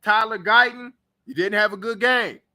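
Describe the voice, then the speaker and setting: A young man with a high, very bright and forceful voice rants about football on his own talk show. He is blunt and heated, calling players out in a loose, casual sports-reaction style. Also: moderate pace. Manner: blunt, trash-talking, heated.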